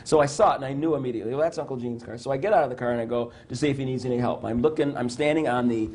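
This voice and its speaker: A middle-aged man recounts a personal story in a medium-pitched voice. He talks with plenty of restarts and acts out the lines he quotes. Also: racing, darkish tone. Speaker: psychiatrist guest. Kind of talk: storytelling in an interview.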